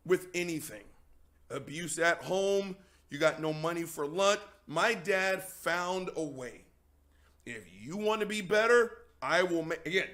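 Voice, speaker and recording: High, bright-voiced man telling a story. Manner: profane, emphatic, addresses audience as "gang". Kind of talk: emphatic storytelling.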